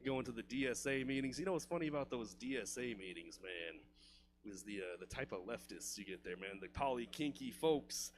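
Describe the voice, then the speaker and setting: A man's voice: mid-range voice, lively intonation, a little fast. A man doing a loose, profane stand-up comedy set in a comedy club, laughing at his own jokes.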